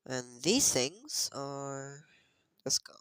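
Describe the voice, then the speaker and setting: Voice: mid-range voice, sing-song, extremely slow, fairly bright tone, clear, resonant tone, dry recording, studio quality. A streamer chatting casually over gameplay, muttering item names in sing-song repeats and talking to themself.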